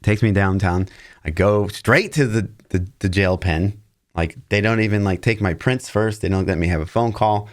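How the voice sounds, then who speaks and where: Man, low deep voice, casual podcast co-host, animated storyteller, quotes people with sudden shouts. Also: normal speed. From Missouri, US. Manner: animated anecdote-telling, acting out quotes with shouts.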